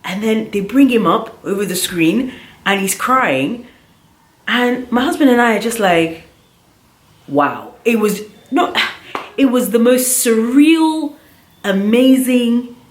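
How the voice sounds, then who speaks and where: A woman telling a personal story in a casual vlog, animated and chatty, with plenty of filler words. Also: a little high, slow, long pauses. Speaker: vlogger. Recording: roomy echo.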